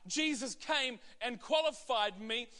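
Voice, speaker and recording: A man's voice: very high-pitched, a little slow, pushed and bright, in a large hall. A man preaching a sermon in an earnest, emphatic way, with rhetorical questions and small chuckles.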